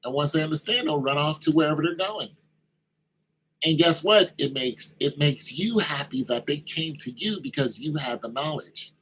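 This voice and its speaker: A man's voice: a little high, lively intonation, normal speed, a bit bright, slight background noise, low-quality recording. A man giving an informal sermon-style talk, conversational, acting out little exchanges with kids in raised voices.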